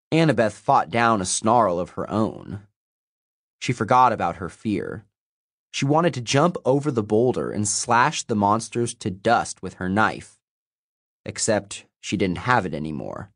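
A man narrating a fantasy novel as an audiobook, in a measured storytelling manner. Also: fairly low pitch, sing-song, dry recording, studio quality. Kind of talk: scripted narration.

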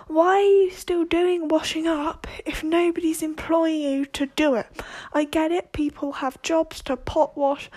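High-voiced woman ranting. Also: darkish tone. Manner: ranting, exasperated, swears, drops into whispered asides. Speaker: podcast host. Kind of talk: casual monologue.

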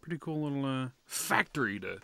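A man's voice: medium pitch, animated, brisk, vocal fry, bright, forceful tone. A man co-hosting a podcast, chatting casually and reading out listener questions. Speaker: podcast co-host. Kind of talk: casual chat.

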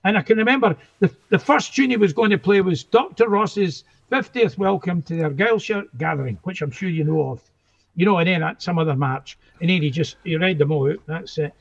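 A man's voice: sits high, a little fast, creaky. An older man with a Scottish accent, a guest musician telling anecdotes in a rambling, self-interrupting way, on a dull lo-fi recording.

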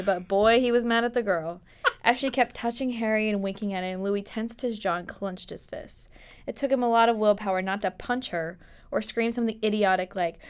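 A woman's voice: medium pitch, smooth. A young woman hosting a podcast, casually reading fanfiction aloud with playful quote voices. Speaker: podcast host.

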